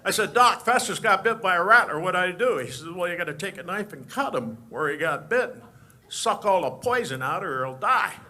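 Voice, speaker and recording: A man's voice: high-pitched, expressive, pushed and bright, heavily acted. A man doing a stammering old-time film star. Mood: folksy stammer. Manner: halting stutter, slow folksy drawl.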